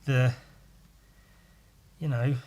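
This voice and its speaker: A man's voice: medium pitch, steady tone, extremely slow, a little mellow. A man hosting a podcast, rambling casually with crude, self-mocking humour while he draws. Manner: talks while drawing. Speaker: podcast host.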